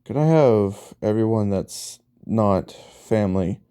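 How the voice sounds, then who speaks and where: A calm male doctor , as a man reads him out explains in a measured way. His voice is slow, low, and very dark and mellow. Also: smooth.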